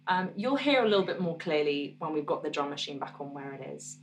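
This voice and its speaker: A woman musician teaching her own song on guitar, explaining parts in a relaxed, encouraging way and counting beats aloud. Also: fairly low pitch, brisk, few pauses, distant mic.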